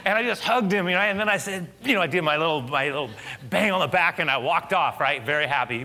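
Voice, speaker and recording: A middle-aged man preaching, a pastor telling a lively personal story before moving into the sermon. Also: a little high, fast. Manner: animated storyteller, laughing and loud at punchlines.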